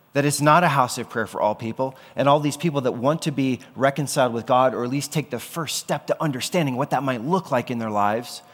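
A man's voice: mid-range voice, fairly bright tone. Man preaching in an echoing hall. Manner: conversational, asks the audience questions. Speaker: pastor. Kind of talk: sermon. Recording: long hall reverb.

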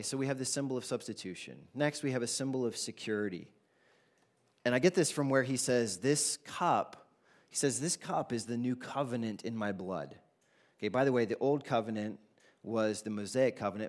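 A man preaching a sermon as pastor, in a conversational, animated way with casual asides. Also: mid-range voice, a little fast.

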